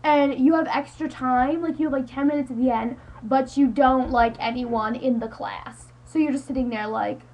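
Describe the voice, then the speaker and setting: A teenage girl vlogs from her webcam at home, a high school student ranting in an exasperated, rambling way and saying "like" nonstop. Her high voice is steady and a little mellow, moving at a moderate pace with hardly any pauses, though the audio sounds dull.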